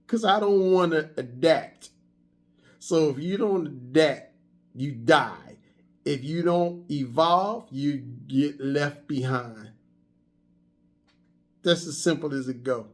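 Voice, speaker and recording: A man's voice: a little high, slow, pauses often. A man in his fifties giving a casual motivational monologue, telling stories in a conversational way with frequent restarts. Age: 50s. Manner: conversational storytelling, repetitive restarts. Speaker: vlogger.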